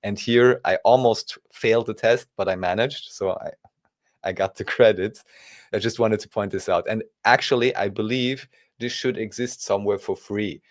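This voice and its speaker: A man's voice: on the low side, moderate pace, dry recording, clean studio sound. A man explaining things casually in a hesitant, hedging way. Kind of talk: casual chat.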